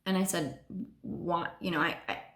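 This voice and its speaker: A woman telling a personal story on a vlog, halting and full of ums and restarts. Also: fairly low pitch, fairly even intonation, fairly bright tone, reverberant. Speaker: vlogger.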